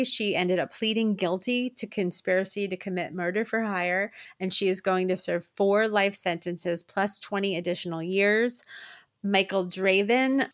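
Woman comic telling a crime story, chatty, lots of ums, middle pitch. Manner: relaxed storytelling with fillers. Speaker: podcast co-host; stand-up comedian and apartment manager. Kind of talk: casual true-crime chat.

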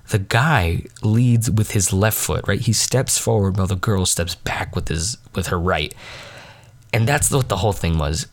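A young man hosting his own podcast, telling a story in a rambling, self-mocking way, full of filler words and a little sniffly. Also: low-pitched. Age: young adult. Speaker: podcast host. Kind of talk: casual late-night storytelling monologue.

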